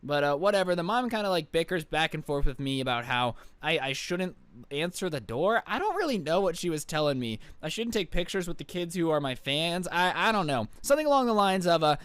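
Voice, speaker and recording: A man's voice: on the high side, big pitch swings, brisk, fairly bright tone, clean tone, dry recording. A young man, a YouTuber, telling a storytime vlog in a sarcastic, exasperated, casual manner.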